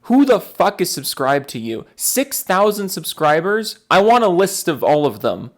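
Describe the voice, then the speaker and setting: A man's voice: fairly high pitch, sing-song, normal speed. A young adult man giving sarcastic reaction commentary on a video clip, rambling and swearing as he picks the speaker's points apart.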